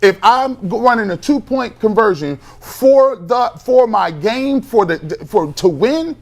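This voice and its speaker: This sports talk show host sounds exasperated and worked up, leaning on slang as he presses his argument hard. His pitch runs a bit above the typical male range, yet he takes his time and speaks in an unhurried way.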